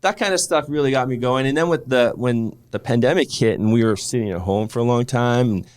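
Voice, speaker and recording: A man's voice: mid-range voice, brisk, clean tone. A man with a mid-range voice tells a story on a podcast. He rambles, fills his talk with "like" and restarts, and drifts between thoughts. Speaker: guest wrestler. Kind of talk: casual storytelling.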